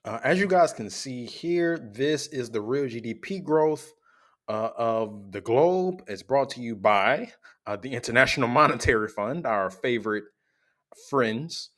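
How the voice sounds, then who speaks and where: A man's voice: mid-range voice, lively intonation, a little slow, fairly bright tone. Joking, conversational male channel host. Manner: joking, loose and conversational, speaks straight to viewers. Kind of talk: casual explainer commentary.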